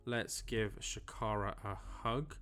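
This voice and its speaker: A man's voice: lowish voice, slow, a bit bright. A young man casually commentating his own game playthrough in a chatty, upbeat way with joking asides. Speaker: gaming channel host. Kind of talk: casual let's-play commentary.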